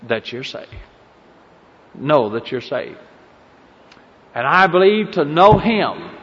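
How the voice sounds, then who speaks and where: A man's voice: mid-range voice, husky. Preaching man in a reverberant hall. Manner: preaching with swelling emphasis and sudden soft drops. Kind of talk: sermon. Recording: muffled recording in a large reverberant hall.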